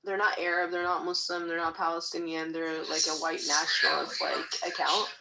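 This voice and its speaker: A woman's voice: sits low, flat delivery, normal speed, creaky, heavy background noise. A chatty woman in a casual conversation who giggles often and fills her talk with "like.". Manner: chatty, giggly, with many "like" fillers. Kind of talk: casual chat.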